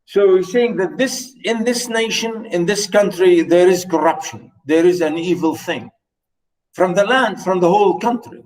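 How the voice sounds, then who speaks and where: A man's voice: sits high, normal speed, darkish tone, distant mic, poor audio. A man teaching a play, hesitant, with many fillers, repeating and rewording phrases as he explains. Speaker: literature teacher.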